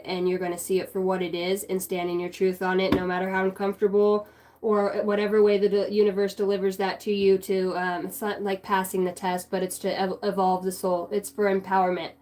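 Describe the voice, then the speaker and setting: Streaming live, a woman with a mid-range, darkish voice gives a collective tarot reading. She talks to chat in a loose, meandering way, swearing freely and using lots of fillers.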